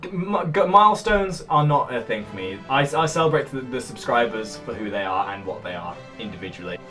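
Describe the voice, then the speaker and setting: A man's voice: medium pitch, a little fast, soft background music. A young man from England with an upper-class sounding English accent, chatting casually and jokily as a YouTuber answering viewer comments. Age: young adult. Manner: animated and jokey, with bursts of loud shouting. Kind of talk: casual vlog chat.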